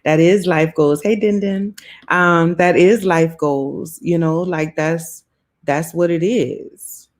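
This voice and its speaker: Taking things slowly with a steady tone, a woman whose voice runs on the low side hosts a casual live chat, going through viewer comments and often laughing. She comes from New Orleans, carries its accent, and is at her South Florida home.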